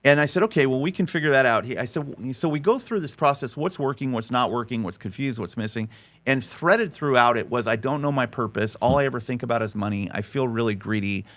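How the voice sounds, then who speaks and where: A man speaking on a podcast, telling a story in an animated way and repeating words as he restarts his sentences. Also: quick pace. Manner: animated storyteller, voice rising high when acting out quotes. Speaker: faith-based life coach and podcast guest.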